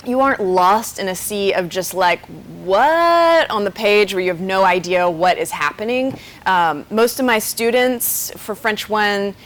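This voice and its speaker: A young woman, a French teacher, giving a casual and upbeat beginner lesson in a chatty, informal way. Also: medium pitch. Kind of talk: casual online language lesson.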